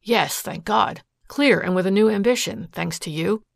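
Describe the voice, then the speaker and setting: A woman's voice: mid-range voice, moderate pace, creaky, no echo, clean studio sound. A woman voicing a wealthy man who speaks with urgent, earnest emotion in a read-aloud detective story. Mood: relieved.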